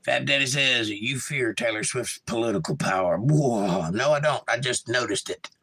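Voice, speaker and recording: Gravelly Georgia-accented male streamer. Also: medium pitch, normal speed, sharp tone, rough recording. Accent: Georgia, US South. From Georgia, USA. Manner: laid-back, reads chat messages aloud and replies. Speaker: livestream host. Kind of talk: casual livestream chat, reading comments aloud.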